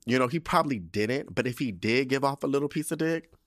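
A man's voice: mid-range voice, a little fast, fairly bright tone, no echo, studio quality. A man hosting a podcast, riffing in a casual, profane, gossipy comic monologue with big swings in his voice. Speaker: podcast host.

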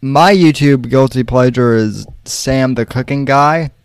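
A man hosting a casual podcast over an online call, speaking slowly and deliberately with pauses and fillers. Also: mid-range voice, clean tone, no echo. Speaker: podcast host.

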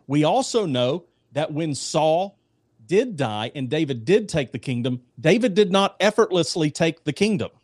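Animated, storytelling man, higher-pitched. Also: no echo, clean studio sound. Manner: animated storyteller, does voices in jokes. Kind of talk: casual faith discussion.

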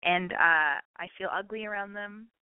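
A woman's voice: medium pitch, moderate pace, clean tone, no room sound. Rambling American woman with a slight lisp, tinny sound. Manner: rambling, self-deprecating, swears freely. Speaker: podcast host. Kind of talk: casual monologue.

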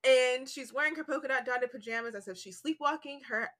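High, bright-voiced woman, emphatic. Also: fairly quick. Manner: emphatic, retells scenes with lots of "like". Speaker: podcast guest. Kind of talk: casual book discussion.

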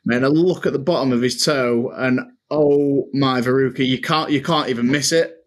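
A man's voice: mid-range voice, moderate pace. Chatty man telling stories. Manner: chatty, laughing storyteller, says "mate" a lot. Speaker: podcast co-host. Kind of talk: casual chat.

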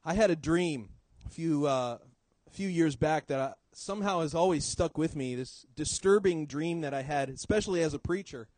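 A man preaching a sermon in church, swinging between loud emphasis and quiet low drops. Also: moderate pace, dry recording, rough recording.

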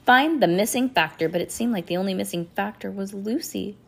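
A woman's voice: mid-range voice, brisk, gravelly, breathy edge. A young woman reading a children's chapter book aloud at home, voicing the characters and stopping to chat with her child. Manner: animated, breaks off to chat and laugh. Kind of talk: storybook read-aloud to a child.

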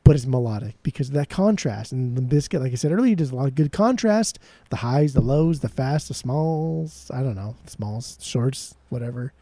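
A man's voice: medium pitch, moderate pace, few pauses, no echo. A man co-hosting a podcast, joking around and raving about a song's riffs. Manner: joking, playful, lively. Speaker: podcast co-host. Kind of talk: casual music podcast chat.

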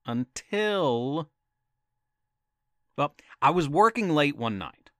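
A man's voice: a little high, very animated, slow, sharp tone, no room sound, clean studio sound. A man telling a campfire story as a podcast storyteller, dramatic and teasing, with asides to his listeners.

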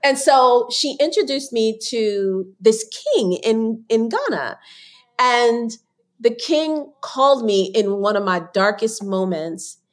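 A woman guest on a podcast, telling stories in an animated way and breaking into sudden quick bursts of talk. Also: a little high. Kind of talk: casual interview chat.

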